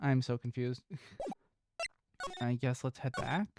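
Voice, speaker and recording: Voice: medium pitch, slow, over music. A streamer giving casual, rambling commentary while playing a game, with swearing and laughing asides.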